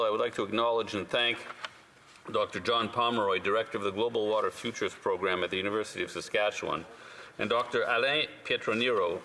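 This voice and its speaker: Male legislator, formal floor speech, lowish pitch with a forceful bright edge, long chamber reverb and faint room hum. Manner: measured, earnest, persuasive. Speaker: member of parliament.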